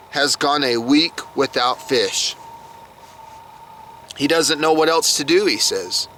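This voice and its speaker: A man's voice: medium pitch, sharp tone, a little hiss or hum. A man recapping a TV episode from his notes in a chatty, reactive way. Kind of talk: casual recap monologue.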